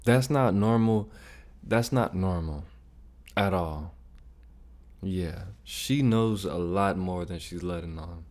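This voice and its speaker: A man's voice: sits low, takes it slowly, pauses often, darkish tone. A man hosting a reaction video, giving emphatic commentary and repeating his points insistently.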